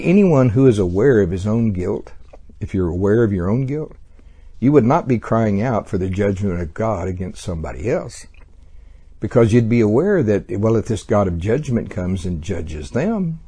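A man's voice: on the low side, mellow, husky. A man teaching a casual Bible study lesson, talking in a conversational way with frequent fillers and small chuckles.

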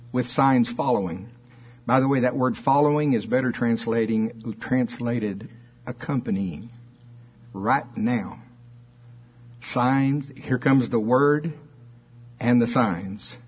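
A man preaching a sermon, reading scripture slowly with dramatic stress and firing off rhetorical questions. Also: mid-range voice, breathy edge, highs cut off. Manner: fervent, rising to emphatic exclamations and rhetorical questions.

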